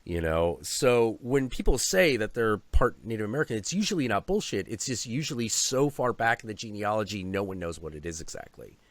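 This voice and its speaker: A man hosting a casual interview over a video call, an animated storyteller who swears freely. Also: fairly low pitch, brisk, hardly any pauses, no room sound. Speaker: host.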